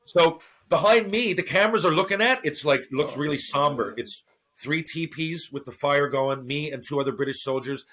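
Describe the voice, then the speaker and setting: Middle-aged guy on a podcast, bright tense voice, swears a lot, does everyone's voices. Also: on the high side, moderate pace. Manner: profane, animated, acts out quoted voices. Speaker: podcast guest. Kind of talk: casual storytelling.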